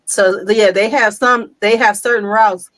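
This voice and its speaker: An older woman, hosting a casual chat and telling lively stories, laughing often and acting out quotes. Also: mid-range voice, a little slow, no room sound. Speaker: host.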